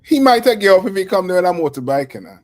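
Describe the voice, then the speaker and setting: A man's voice: sits high, sing-song, rapid-fire, dry recording. A man joking through a casual panel discussion, repeating "you know what I mean". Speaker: show panelist.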